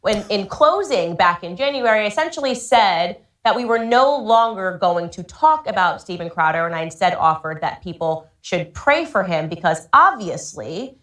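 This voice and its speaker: A woman's voice: medium pitch, animated, moderate pace, hardly any pauses, a bit bright. A woman political commentator addressing her audience in a firm, pointed, indignant tone. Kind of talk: scripted online commentary. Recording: roomy echo.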